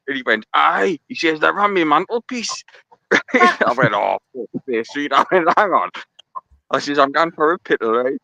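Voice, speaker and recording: A man calling in on a video call, telling a lively anecdote and laughing through it. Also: a little high, moderate pace, creaky. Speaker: caller. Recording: muffled remote call audio.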